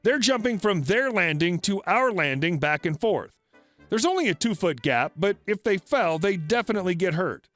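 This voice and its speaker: A man reading online stories aloud as a scripted narration in a steady storytelling manner. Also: sits high, normal speed, no room sound. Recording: faint background music.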